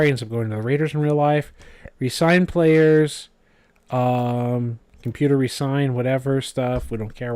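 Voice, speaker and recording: A man rambles casually over a video game, his commentary packed with fillers and asides. His voice is medium-pitched and a little mellow, with no room sound in the recording.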